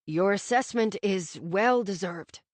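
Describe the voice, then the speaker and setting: A woman reading an audiobook voices a reserved older male CEO father, speaking slowly in measured, clipped phrases. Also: mid-range voice, no echo, close to an everyday voice. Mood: stern.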